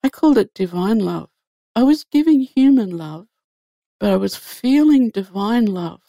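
A woman's voice: mid-range voice, creaky, dark tone, no echo, clean studio sound. A woman guest telling an earnest spiritual story in an easy conversational way. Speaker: guest sharing a faith story.

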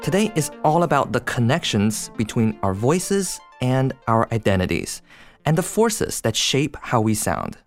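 A man's voice: medium pitch, very animated, a little slow, faint music behind. A man co-hosting a podcast, narrating and asking questions with nerdy enthusiasm. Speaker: podcast co-host.

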